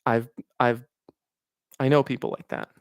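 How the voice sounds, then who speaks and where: A man hosting a live question-and-answer stream, reading out viewer questions and giving frank, reflective advice with pauses and fillers. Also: medium pitch, level tone, clear, resonant tone, no echo, clean studio sound. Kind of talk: casual livestream Q&A.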